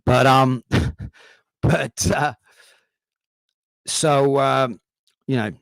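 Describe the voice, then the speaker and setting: This young Australian stand-up talks extremely slowly in a creaky, mid-range voice with fairly even intonation and no echo. He rambles and swears through storytelling on a livestream set.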